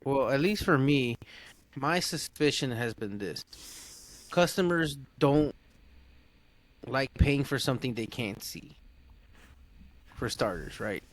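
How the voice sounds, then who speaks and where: A man's voice: mid-range voice, lively intonation, takes it slowly, pauses often. A man, an automotive diagnostic technician, talking as a guest in a casual podcast conversation, blunt and emphatic, often restarting his sentences. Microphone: podcast microphone.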